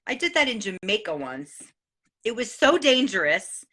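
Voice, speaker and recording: A middle-aged woman from New gives an excitable, profane motivational monologue as the host. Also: medium pitch, normal speed. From New York. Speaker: host sharing life advice.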